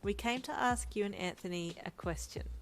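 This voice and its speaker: Happy excited young woman, affectionate n bubbly, a woman reading her lines. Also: medium pitch, moderate pace, natural voice. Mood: bright. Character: cheerful young woman, warm and giggly.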